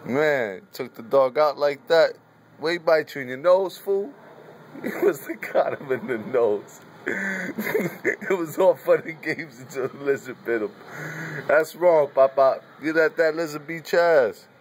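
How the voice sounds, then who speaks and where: A man's voice: medium pitch, a little hiss or hum. A man filming his dog, chattering casually, laughing, teasing and cooing at the pet. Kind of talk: casual home video commentary.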